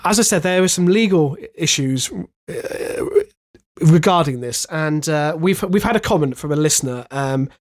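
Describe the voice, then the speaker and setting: Man, stuffy nasal voice, slightly high, hesitant podcast chat. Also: expressive, normal speed. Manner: hesitant, many fillers and restarts. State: congested, nasal from a virus. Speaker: podcast co-host. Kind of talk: casual chat.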